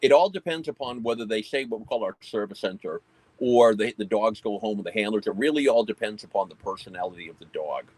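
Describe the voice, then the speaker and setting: A man with a lowish voice talks plainly and matter-of-factly about running a pest control business with working dogs. The sound is dry and close, with little room around it. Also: fast, a little mellow, no room sound, rough recording. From United States. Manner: plain, matter-of-fact explaining. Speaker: pest control company owner and dog handler. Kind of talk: casual conversational interview.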